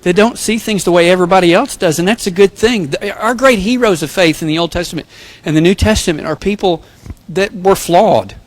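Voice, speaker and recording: A man's voice: sits high, brisk, hardly any pauses, dry recording. A male pastor giving a sermon, telling jokes and self-deprecating personal stories. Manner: joking, self-deprecating storyteller.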